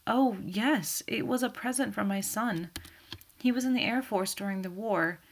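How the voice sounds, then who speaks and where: A woman's voice: moderate pace, lightly acted. A woman voicing a proud composed widow. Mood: restrained. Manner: low, restrained tone.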